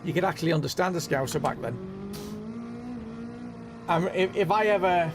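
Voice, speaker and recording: Hosting a sim racing live stream with game music running beneath it, this northwest England man rambles in a chatty, casual way and keeps dropping "know what I mean." His voice is high, his speed normal, and he leaves long pauses. A mild Merseyside accent colors his speech.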